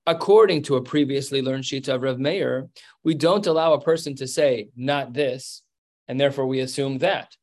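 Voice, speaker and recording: Gravelly-voiced man teaching Talmud. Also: medium pitch, normal speed. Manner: explanatory, conversational, with many fillers and restarts. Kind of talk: Talmud lesson.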